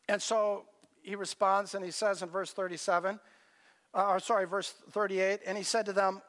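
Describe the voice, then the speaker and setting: High-voiced pastor preaching in a reverberant hall. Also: male voice, fairly bright tone. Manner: conversational preaching, acts out scripture dialogue in varied voices. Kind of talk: sermon.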